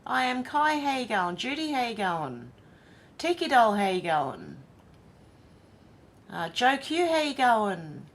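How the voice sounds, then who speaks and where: A woman's voice: a little high, sing-song, slow pace, pauses often. An Australian woman hosting a casual livestream, chatting and reading viewer comments aloud one by one. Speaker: livestream host.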